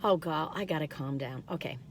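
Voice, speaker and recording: A woman's voice: deep voice, a little fast, creaky, slight background noise. A woman in her sixties, chatting in a bubbly, rambling way with many asides as she reviews food. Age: 60s. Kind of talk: casual chatty storytelling.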